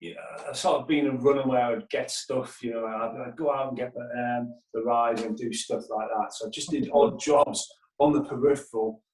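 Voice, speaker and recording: A man hosting a casual chat, halting and restarting often as he talks. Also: medium pitch, fairly even intonation, slight background noise. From Newcastle. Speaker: host, record shop worker. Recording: echoey room, distant mic.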